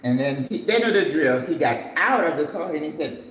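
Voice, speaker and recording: Here an older woman running a cooking channel plays out her story's characters with theatrical energy between kitchen tasks. Her low voice moves a little fast, and the recording has room echo and faint noise behind it.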